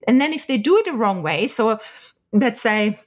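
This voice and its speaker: A woman's voice: fairly high pitch, lively intonation, normal speed. A woman guest in an interview, patiently explaining her ideas with everyday examples. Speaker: animal communicator guest.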